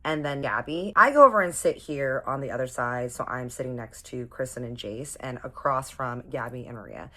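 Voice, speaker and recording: Young woman, strikingly low voice, chatty slang-heavy storyteller with sassy asides. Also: lively intonation, normal speed, few pauses, pushed and bright. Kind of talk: casual storytime vlog.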